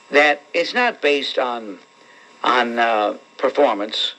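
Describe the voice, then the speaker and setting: A man's voice: medium pitch, takes it slowly, fairly bright tone. A man with a New York accent hosting a call-in talk radio show, blunt and sarcastic with callers. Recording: dull lo-fi radio broadcast.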